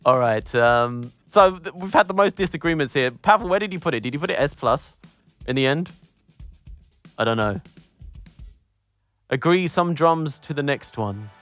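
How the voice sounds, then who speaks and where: A man's voice: a little high, lively intonation, normal speed, pauses often, fairly bright tone, soft background music. A man reviewing an album in casual group chat, enthusiastic and rambling, with many fillers.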